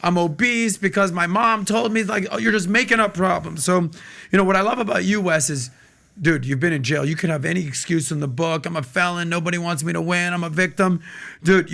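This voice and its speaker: A man's voice: on the high side, vocal fry. A man hosting a podcast, chatting energetically and cheering on his guest. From United States. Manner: energetic, agreeable, hypes the guest. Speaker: podcast host. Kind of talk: casual podcast chat.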